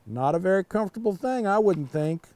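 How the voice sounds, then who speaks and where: An older man reading a children's picture book aloud, pausing to chat about the pictures. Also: sits high, no room sound. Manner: slow, lively storytelling with asides about the pictures. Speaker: storytime reader.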